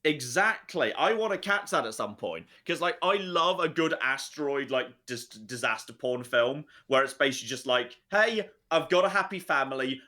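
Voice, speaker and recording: Sardonic Englishman, bright voice. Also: mid-range voice, expressive, moderate pace, hardly any pauses. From England. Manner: enthusiastic, sardonic, swears casually. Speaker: livestream co-host. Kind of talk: casual chat about films.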